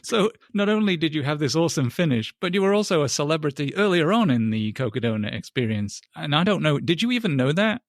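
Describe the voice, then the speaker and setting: A man's voice: fairly high pitch, big pitch swings, fast, few pauses, no room sound. Curious male interviewer, dry sound. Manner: curious, asks long, winding questions. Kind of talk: podcast interview.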